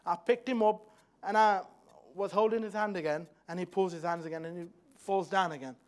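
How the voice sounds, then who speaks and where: High-voiced preacher in a church. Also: male voice, steady tone, a little fast. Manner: builds from soft, hushed storytelling to loud, fervent exhortation. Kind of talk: sermon. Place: church hall.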